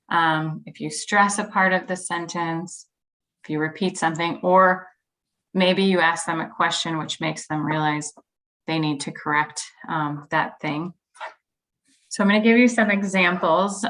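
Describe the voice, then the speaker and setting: A woman leads a teacher-training session over a video call. Her voice sits low but sounds bright and clear. She explains step by step, filling pauses with ums and acting out sample sentences. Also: low-quality recording. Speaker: teacher trainer leading a workshop. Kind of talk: online teacher-training workshop.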